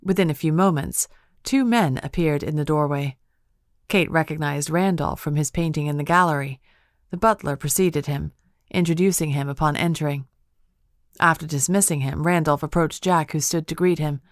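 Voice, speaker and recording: Low-voiced woman narrating a cozy mystery. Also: normal speed, no echo, studio quality. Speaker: audiobook narrator. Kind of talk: scripted narration.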